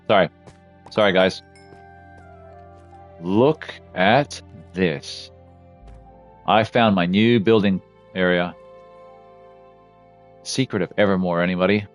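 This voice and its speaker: A fairly low-voiced man streaming a game, talking casually and loosely. He curses freely and bursts into loud yelps whenever something jumps out at him. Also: slow pace, long pauses, soft background music. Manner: excitable, swears, yelps at surprises. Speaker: let's play streamer. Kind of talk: casual gameplay commentary.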